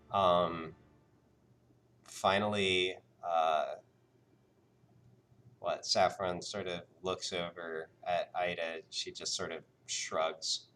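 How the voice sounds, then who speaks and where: Slow, hesitant male game master. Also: low voice, a bit bright. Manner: hesitant, many "um" and "sort of". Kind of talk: narrating a tabletop game.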